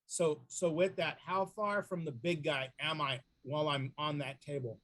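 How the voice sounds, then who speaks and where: A man playing a tabletop game, thinking out loud in halting bursts. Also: fairly high pitch, fairly even intonation. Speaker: tabletop player.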